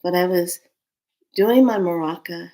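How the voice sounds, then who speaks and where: A woman's voice: on the low side, unhurried, warm tone, poor audio. A woman telling an emotional personal spiritual story, earnest and speaking directly to her listeners.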